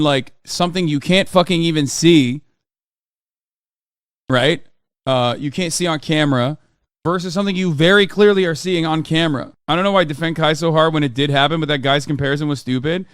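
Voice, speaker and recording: A man's voice: on the high side, fairly bright tone, smooth, no room sound, clean studio sound. A man livestreaming, ranting in a casual, profane and exasperated way, with emphatic restarts. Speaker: livestreamer reacting to clips.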